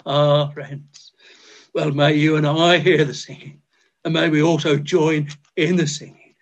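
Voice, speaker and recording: Slow fervent older preacher man. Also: fairly high pitch, flat delivery. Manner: fervent, tender, quoting scripture and hymns. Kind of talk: old-fashioned chapel sermon. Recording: dull lo-fi recording.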